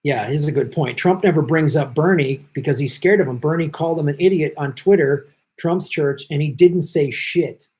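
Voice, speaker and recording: A man hosting a live political stream, talking bluntly and profanely, swinging from low mutters to loud outbursts. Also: moderate pace, hardly any pauses. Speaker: host.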